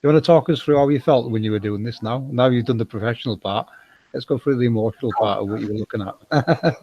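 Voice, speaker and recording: A man's voice: mid-range voice, fast, breathy edge, no room sound. A man chatting casually as a guest, upbeat and encouraging, on a dull lo-fi call. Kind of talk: casual chat.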